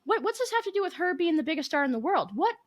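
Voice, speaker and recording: Incredulous woman podcast co-host with a lively voice. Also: very high voice, fast talker. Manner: incredulous, exasperated ranting. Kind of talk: casual podcast chat.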